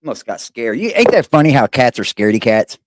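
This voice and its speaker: A man's voice: mid-range voice, sing-song, fairly quick, no room sound, studio quality. A man hosting a live stream in a casual, playful way, greeting chat viewers one by one.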